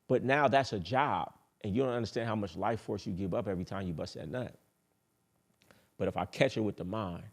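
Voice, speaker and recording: A man's voice: fairly low pitch, a little mellow. A man hosting a dating advice talk in a casual monologue, blunt, boastful and profane, who repeats his points for emphasis.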